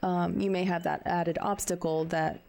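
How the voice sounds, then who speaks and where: A woman in her thirties talking candidly in casual chat, questioning herself and halting with fillers. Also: lowish voice, steady tone, creaky, darkish tone, a little hiss or hum. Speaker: stream co-host.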